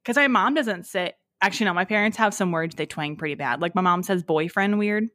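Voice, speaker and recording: A woman's voice: lowish voice, a little fast, fairly bright tone, dry recording. A young woman co-hosting a podcast, chatting playfully with a slight rural twang. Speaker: podcast co-host. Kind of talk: casual chat.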